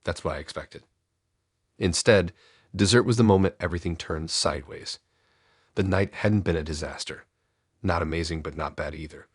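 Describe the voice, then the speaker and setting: A man narrating a first-person horror story in a low, measured, ominous storytelling voice. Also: husky, no echo, studio quality.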